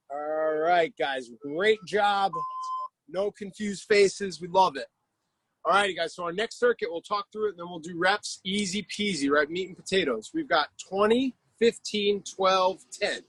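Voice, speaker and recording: Male workout coach, very high voice, gravelly, shouting countdowns. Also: a little hiss or hum, rough recording. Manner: energetic, shouts cues and countdowns. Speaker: fitness coach. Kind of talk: live-streamed workout coaching.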